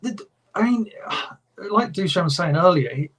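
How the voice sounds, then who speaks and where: Husky man, rambling fan chat. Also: high-pitched, lively intonation, a little slow, a bit bright. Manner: enthusiastic, rambling, swears often. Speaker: podcast co-host. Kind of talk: casual chat.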